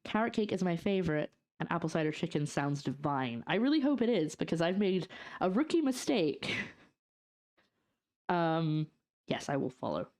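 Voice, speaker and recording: Streaming from her home kitchen, a young Scottish woman cooks and chats casually with viewers in a fairly low, a little mellow voice. She sounds animated at a normal speed, reading out and answering the chat and drifting off into fillers.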